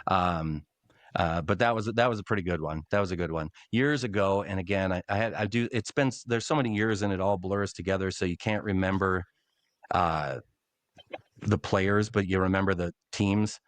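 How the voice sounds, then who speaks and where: A middle-aged man, a longtime public address announcer, telling animated stories in a casual podcast interview. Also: low voice, moderate pace, no echo. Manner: animated storyteller, acts out quotes.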